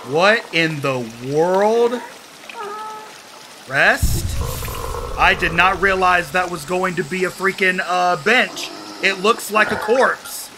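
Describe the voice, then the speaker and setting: A man playing a video game and commenting excitedly, talking to himself as he goes. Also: high voice, slow pace, noisy background. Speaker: gaming YouTuber. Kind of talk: let's play commentary.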